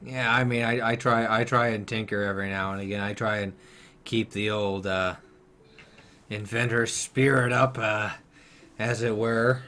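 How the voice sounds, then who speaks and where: A man's voice: fairly low pitch, level tone, moderate pace, sharp tone. A man voicing a guilt-ridden middle-aged inventor father who pleads and apologizes. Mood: tinkering pride.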